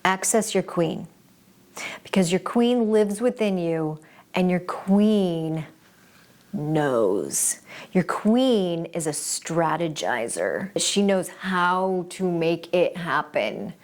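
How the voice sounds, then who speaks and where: A woman with a fairly low, expressive voice hosts a motivational self-help video. She speaks straight to the viewer in an earnest, reflective, encouraging way, with pauses and restarts.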